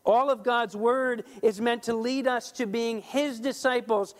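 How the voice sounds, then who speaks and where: High-voiced emphatic male preacher. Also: unhurried. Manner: animated, emphatic, with restarts. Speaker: pastor. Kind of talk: sermon.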